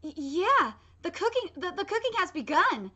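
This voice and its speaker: A young woman with a high voice livestreams her reaction to an anime episode. She talks loosely, swears freely, and fills her commentary with ums and restarts. Her tone is sharp and bright. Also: very animated, normal speed, highs cut off. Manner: loose and profane, full of fillers and restarts; reads manga dialogue aloud between comments.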